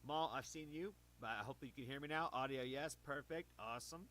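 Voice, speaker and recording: A man's voice: mid-range voice, a little fast, fairly bright tone. A man casually chatting to viewers on a livestream, rambling and correcting himself while he talks close into his own streaming mic. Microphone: own streaming mic, adjusted close.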